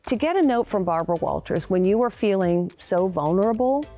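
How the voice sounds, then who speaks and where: A woman's voice: mid-range voice, fairly quick, soft background music. A woman in her sixties, a guest in a TV interview, telling personal stories candidly and acting out the dialogue. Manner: candid and animated, acts out quoted dialogue. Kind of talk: conversational storytelling.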